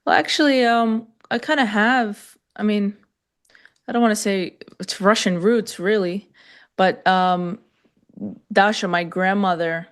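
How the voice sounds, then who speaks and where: A woman's voice: medium pitch, measured pace, smooth. Woman live-stream co-host, mid-range voice, casual and filler-heavy with the chat. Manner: loose, filler-heavy, talks to chat viewers.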